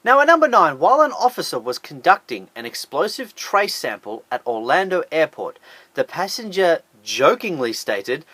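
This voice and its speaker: A man runs through a scripted top ten list with a high, bouncing voice. His delivery is sarcastic and incredulous. The sound is dry and close. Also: sing-song, moderate pace, sharp tone, dry recording.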